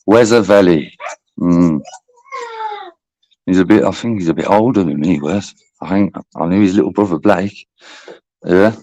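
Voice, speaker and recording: Low-voiced sweary middle-aged man. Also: moderate pace, long pauses, mellow, no room sound, poor audio. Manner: rambling, sweary, blunt. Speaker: channel host. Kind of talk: casual livestream chat.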